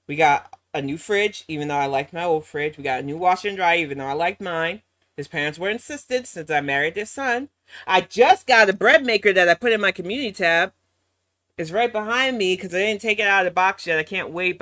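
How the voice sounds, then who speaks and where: A woman's voice: lowish voice, a bit bright, dry recording. American lady ranting over clips, sarcastic and blunt, dry close mic. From United States. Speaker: commentary channel host. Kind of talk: reaction commentary.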